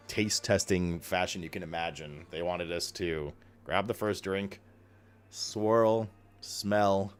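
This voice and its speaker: A man's voice: low-pitched, fairly even intonation, slow, clean tone. A young man chatting casually with his stream viewers, rambling with lots of fillers and slang.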